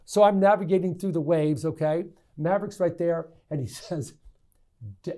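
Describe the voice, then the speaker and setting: Middle-aged male politician guest, lively storyteller, frequent restarts and stammers, conversational. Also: fairly high pitch, moderate pace. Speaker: state senator, podcast guest. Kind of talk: candid interview storytelling.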